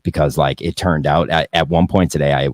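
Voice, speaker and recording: A man's voice: rumbling low, fairly even intonation, fairly quick, no echo. A young man hosting a podcast, talking casually, profanely and in a rambling way, often laughing. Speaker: podcast host.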